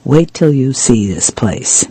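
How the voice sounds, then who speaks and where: A man reading aloud, voicing a brisk, curious young woman detective, lifting his pitch a little for her, still husky. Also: very animated, dark tone, no echo, full character voice, low-quality recording.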